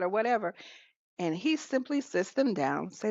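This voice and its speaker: A woman's voice: medium pitch, expressive, normal speed, dry recording. A woman co-hosting a podcast in a casual, chatty way, often laughing between thoughts. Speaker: podcast co-host. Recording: dull, lo-fi, dry sound.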